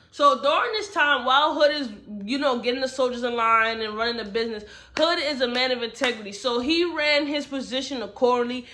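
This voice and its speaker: Chatty bright-voiced woman recapping a novel. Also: fairly high pitch. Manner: chatty retelling full of slang and "you know" asides. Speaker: book reviewer. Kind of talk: casual book review recap.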